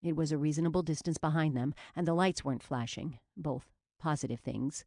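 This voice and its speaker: A woman reads audiobook narration in a steady, measured way. Her voice sits low, and the recording is close and dry with no room sound. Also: no room sound.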